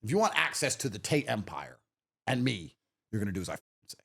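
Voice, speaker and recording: Brash, swaggering man with a lively voice. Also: fairly low pitch, a little fast, creaky, breathy edge. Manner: brash, profane, swaggering storyteller. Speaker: podcast guest. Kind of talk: casual chat.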